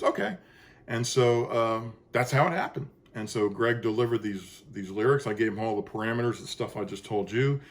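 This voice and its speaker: Earnest rambling man explaining his music. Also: fairly low pitch. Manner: rambling and earnest, with fillers and restarts. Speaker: composer explaining his choral piece. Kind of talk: casual spoken explanation.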